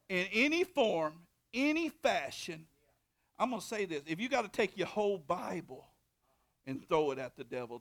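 Male pastor, high pitch, fervent call-and-response preaching. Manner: preaching with rising shouted bursts and call-and-response. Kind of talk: sermon.

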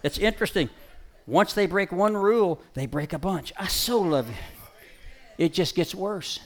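Man shouting dog commands. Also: sits high, animated, moderate pace. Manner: shouts dog commands in bursts, then drops to a soft, preachy tone; jokey crowd banter. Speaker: dog trainer and show presenter. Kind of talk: live dog-training show with preachy asides.

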